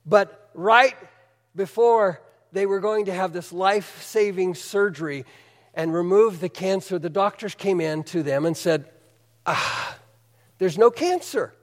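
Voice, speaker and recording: A man preaching a sermon as a pastor, telling the story in an animated way and asking the audience questions. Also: sits high, unhurried, big-room sound.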